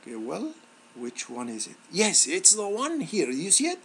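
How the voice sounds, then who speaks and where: Man with a lively, animated teaching voice. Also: sits high, slight background noise. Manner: halting, many fillers and restarts, encouraging. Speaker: instructor. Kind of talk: screen-recorded software tutorial.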